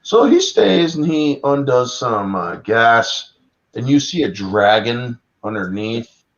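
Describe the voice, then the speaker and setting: A man in his thirties recounting a monster movie in casual chat, excitable and profane, acting out characters in voices. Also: medium pitch, takes it slowly. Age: 30s. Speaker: podcast panelist. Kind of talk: casual film discussion. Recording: dull lo-fi audio.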